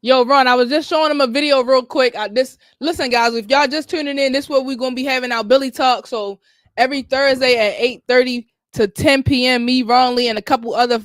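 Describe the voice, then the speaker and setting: A woman's voice: high-pitched, fairly quick, no room sound. A woman hosts a laid-back livestream chat. Her delivery is loose and full of slang, and she sounds like she is talking with friends. Her voice comes through dry and close, over a call mic. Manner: slangy, relaxed, talks with friends. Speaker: livestream host.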